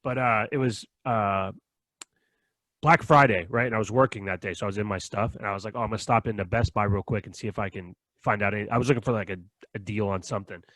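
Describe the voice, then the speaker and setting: Man hosting a podcast, rapid-fire storyteller, dry close sound. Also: fairly low pitch, steady tone, a bit bright, dry recording. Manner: rambling, laughs often, acts out quotes. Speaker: podcast host. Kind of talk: casual chat, storytelling.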